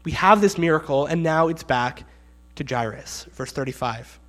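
Conversational preacher with a raised pitch. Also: male voice, lively intonation, moderate pace, fairly bright tone. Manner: conversational, acts out quotes with rising emphasis. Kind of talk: sermon.

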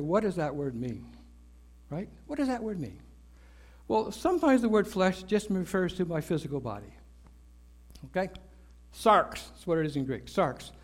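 High-voiced man preaching. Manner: conversational teaching, checks in with "right?" and "okay?"; repeats key words for emphasis. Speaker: pastor. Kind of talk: sermon.

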